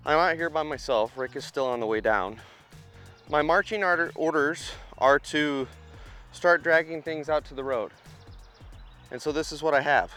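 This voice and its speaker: A man's voice: medium pitch, fairly bright tone. A man hosting a casual vlog as a heavy equipment operator, rambling and self-deprecating as he talks straight to his viewers outdoors at a yard worksite. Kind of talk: casual on-site vlog chat.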